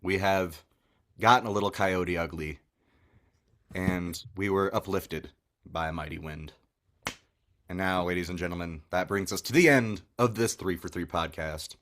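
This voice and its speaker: A man's voice: deep voice, normal speed, pauses often. A man co-hosting a movie podcast, chatting casually and wrapping up the episode. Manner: relaxed, wraps up the show. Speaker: podcast co-host. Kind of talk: casual chat.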